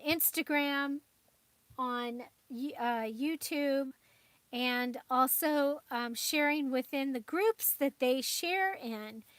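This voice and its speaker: A woman's voice: sits high, fairly bright tone, no room sound. A woman hosting a crafting channel, chatting casually and rambling with frequent fillers and little laughs. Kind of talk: casual livestream chat.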